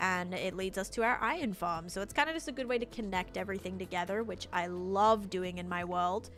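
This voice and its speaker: An Australian woman live-streams a building game, chatting casually with her viewers as she builds. Her voice is mid-range, fairly quick, and fairly bright.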